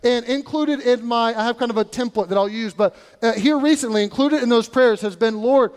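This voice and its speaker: A man's voice: extremely high pitch, brisk, clean tone. A male pastor preaching a sermon in a conversational way, asking his congregation rhetorical questions. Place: church sanctuary. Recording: church hall reverb.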